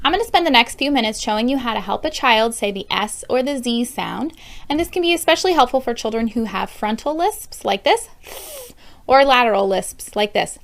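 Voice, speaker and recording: A woman in her thirties with a fairly high voice explains speech sounds in a bright, upbeat teaching manner. She often breaks off to model sounds aloud, as in a friendly instructional video. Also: animated, brisk. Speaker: speech therapist teaching parents.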